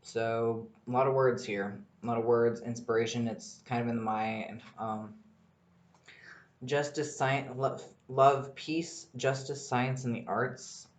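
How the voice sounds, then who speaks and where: A man hosting a casual solo podcast, rambling and excitable, swearing freely as he talks. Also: medium pitch, slow pace. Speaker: podcast host. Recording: echoey room.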